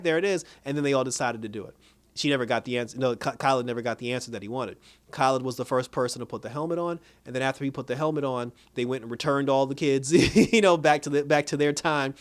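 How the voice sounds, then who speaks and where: Animated man recapping a show. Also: mid-range voice. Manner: animated, laughing often, retells scenes by quoting the characters. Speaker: TV show reviewer. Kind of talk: casual episode recap and review.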